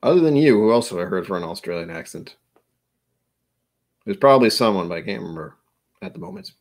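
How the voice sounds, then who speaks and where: A man's voice: lowish voice, big pitch swings, fast talker, vocal fry, a little mellow. An American man in his forties hosting a casual livestream chat, rambling and joking with frequent chuckles. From United States. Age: 40s. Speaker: livestream host.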